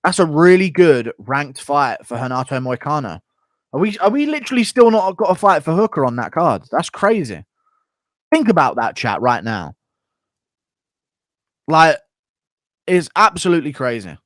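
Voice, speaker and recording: A man's voice: a little high, sing-song, normal speed, long pauses, dry recording, studio quality. An American man hosting a livestream who reads out donations and rants with lots of swearing. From United States. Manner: profane, opinionated ranting. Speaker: streamer host. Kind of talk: livestream commentary, reading donations.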